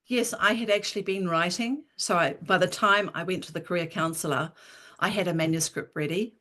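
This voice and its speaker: Animated woman in her sixties telling stories. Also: lowish voice, brisk. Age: 60s. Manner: animated storyteller, laughs often. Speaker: guest, writer. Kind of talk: storytelling in an interview.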